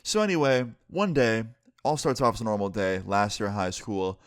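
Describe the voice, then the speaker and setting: Young guy telling a story time vlog, low voice, casual and sweary, dry close sound. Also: sing-song, moderate pace, clear, resonant tone, no echo. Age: young adult.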